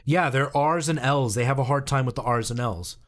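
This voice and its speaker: Here's a fairly quick, medium-pitched male voice belonging to a Canadian in his thirties. He rambles casually through explanations on a live stream, peppering them with ums and likes.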